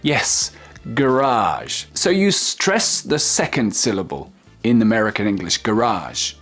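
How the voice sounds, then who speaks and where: A man teaching English pronunciation to French speakers, whose first language is French, repeating each word slowly and with emphasis. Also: on the low side, sing-song, a bit bright, faint music behind. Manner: slow, exaggerated word-by-word modeling.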